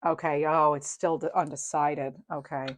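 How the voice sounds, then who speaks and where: A woman giving a casual tarot reading to camera. She is chatty, gentle and sympathetic, thinks aloud and often laughs. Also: low-pitched, flat delivery, normal speed. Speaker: tarot reader.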